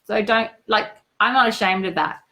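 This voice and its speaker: A woman's voice: medium pitch, normal speed, pushed and bright, low-quality recording. A woman hosting a live stream as a business coach, greeting viewers by name and giving effusive motivational talk.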